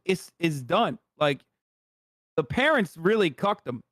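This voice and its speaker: A man's voice: on the high side, big pitch swings, a little slow, fairly bright tone, dry recording, clean studio sound. A man streaming from the United States, reacting to a video in brash, profane, joking casual chat.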